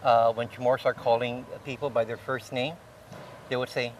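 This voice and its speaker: A man's voice: mid-range voice, flat delivery, a little hiss or hum. Patient male language teacher, distant mic. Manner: patient, explains slowly with many "uh" fillers. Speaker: Chamorro language instructor. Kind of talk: conversational language lesson.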